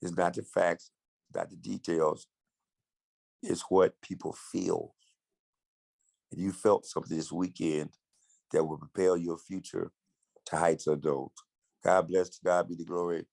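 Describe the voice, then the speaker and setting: A man's voice: deep voice, steady tone, normal speed, creaky, darkish tone, no room sound. A man giving an emphatic, rallying motivational speech. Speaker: motivational speaker.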